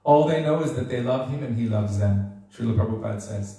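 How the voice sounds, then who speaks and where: A man's voice: mid-range voice, normal speed. Guy telling devotional stories, acts out the characters, big echo, mic kinda far off. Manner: animated storyteller acting out the characters. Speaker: devotional speaker. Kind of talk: devotional storytelling lecture. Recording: very echoey room, voice far from mic.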